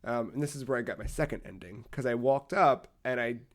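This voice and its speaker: A man co-hosting a podcast, telling a long story in casual chat, rambling with lots of fillers and animated retellings. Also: mid-range voice, a little fast. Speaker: podcast co-host.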